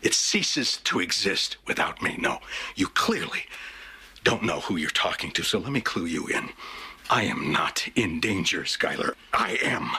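Menacing middle-aged criminal teacher, harsh rasp, sharp edge. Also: male voice, low-pitched, very animated, a little slow, heavily acted. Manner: cold, threatening, intense.

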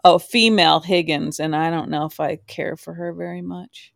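A podcast co-host in casual chat about a soap opera, relaxed and rambling, often laughing. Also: mid-range voice, normal speed, creaky, no room sound, studio quality. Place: home, Maine.

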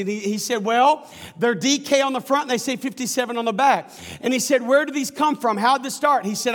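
A man preaching a sermon, telling a story with animated, folksy asides to the congregation. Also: very high voice, in a large hall. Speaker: pastor.

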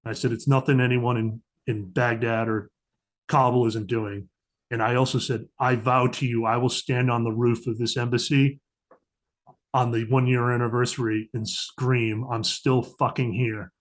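Man telling war stories, animated. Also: medium pitch, moderate pace. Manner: animated storyteller, acts out quoted dialogue. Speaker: podcast guest, diplomatic security agent. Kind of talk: casual storytelling interview.

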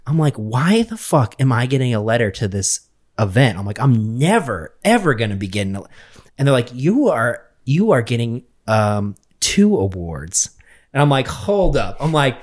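A man's voice: lowish voice, moderate pace. A young man telling a school story in casual chat, swearing a lot and acting out what people said. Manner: profane, animated storytelling with quoted voices.

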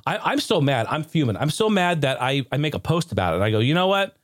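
A man hosting a casual live stream, excitable and ranting one moment, joking the next. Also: mid-range voice, fast, no echo, studio quality. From United States. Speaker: streamer and show host.

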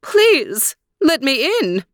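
A woman voicing an evil queen disguised as a squeaky old woman, who talks in a falsely sweet, wheedling way. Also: big pitch swings, very slow, no room sound, studio quality, full character voice.

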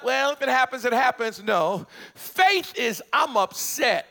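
A man preaching a sermon in a church, with rising shouts and chanted, repeated lines. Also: very high voice, expressive, a little slow, gravelly. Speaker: pastor. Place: church sanctuary.

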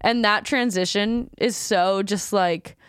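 A woman's voice: mid-range voice, slow pace, clear, resonant tone, no room sound, studio quality. A young woman co-hosting a podcast in casual chat, chatty and full of "like" and swearing. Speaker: podcast co-host.

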